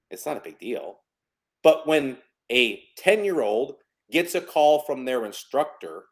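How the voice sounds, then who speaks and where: A man in his fifties co-hosting a podcast, talking casually about running a business and telling stories. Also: mid-range voice. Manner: lively storyteller, acts out phone calls in quotes. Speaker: podcast co-host. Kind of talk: casual business advice talk.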